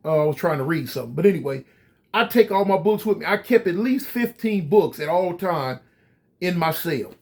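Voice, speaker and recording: A man casually telling a story straight to his viewers, animated and full of slang. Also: sits high, moderate pace. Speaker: storyteller recounting prison life.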